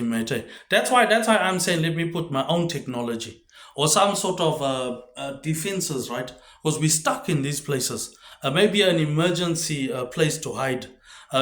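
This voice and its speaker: Man, fairly high voice, rambling monologue, drops low and quiet on tag words, roomy echo. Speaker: video host.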